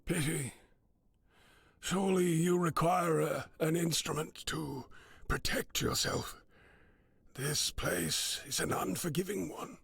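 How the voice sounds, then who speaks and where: A man's voice: on the high side, fairly even intonation, takes it slowly, creaky, fairly bright tone, breathy edge, no echo, full character voice. An actor playing a mournful male merchant in a video game who speaks theatrically about his captive daughter. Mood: solemn.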